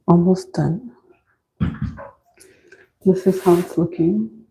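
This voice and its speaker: A woman with a low, gravelly, mellow voice hosts a relaxed livestream. She chats with viewers and answers their comments as she works. She records on her phone in a small, warm washroom. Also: unhurried, long pauses, a little hiss or hum, rough recording. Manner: chatty, answers chat comments while working. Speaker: livestream host styling a wig. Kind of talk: casual chat with live viewers. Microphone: phone camera.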